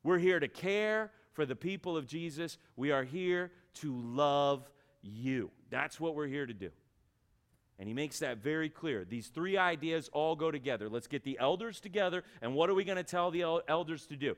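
A man's voice: on the high side, animated, a little fast. A male pastor preaching a sermon in a church, talking in a conversational way and acting out everyday voices to make his point.

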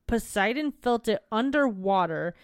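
Smooth-voiced young woman in emotional book chat. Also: a little high, a little slow, no echo, studio quality. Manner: expressive, emotional, trails off. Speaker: podcast co-host.

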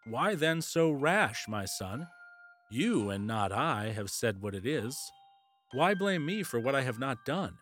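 A man reading aloud, voicing a scheming older male king in a storybook, speaking in a gentle, persuasive way. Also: medium pitch, sing-song, unhurried, soft background music. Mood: coaxing.

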